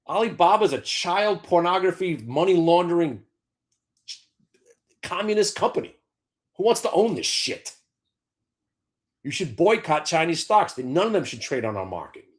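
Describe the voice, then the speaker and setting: A man hosting a stock market show, ranting in a brash, profane, sarcastic way. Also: high voice. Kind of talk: opinionated trading talk.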